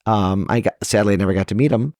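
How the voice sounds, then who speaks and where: A man's voice: fairly low pitch, quick pace, a little mellow, no echo, clean studio sound. A man, a trial lawyer guest on a podcast interview, speaking earnestly and emotionally, his voice rising when he stresses a point.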